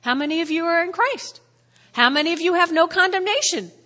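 A woman's voice: extremely high pitch, lively intonation, a little fast. Emotional woman pastor preaching in a hall. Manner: emotional, swings from shouts to whispers. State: tearful at times. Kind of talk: sermon. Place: church hall. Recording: long hall reverb.

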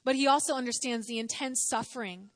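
A woman's voice: on the high side, a little fast. A woman preaching a sermon in a conversational way, asking the audience questions and acting out quotes.

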